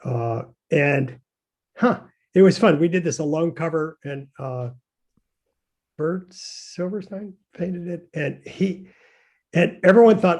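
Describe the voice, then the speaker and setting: A man's voice: on the high side, takes it slowly, darkish tone. Rambling older man full of fillers. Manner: rambling, hesitant with many fillers, chuckling anecdotes. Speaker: guest, designer. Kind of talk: casual conversation.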